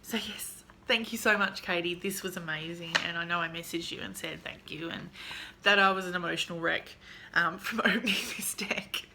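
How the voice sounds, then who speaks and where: Bright-voiced, gushing woman. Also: fairly low pitch, moderate pace, slight background noise. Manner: gushing, excitable, chatty with many fillers. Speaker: vlogger showing a tarot deck haul. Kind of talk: casual chat.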